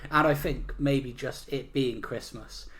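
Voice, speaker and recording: A man's voice: medium pitch, steady tone, unhurried, fairly bright tone, slight background noise. A man co-hosting a podcast, easygoing and agreeable as he gives his take on a film. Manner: easygoing, agreeable, short backchannels. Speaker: podcast co-host. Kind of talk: casual film review chat.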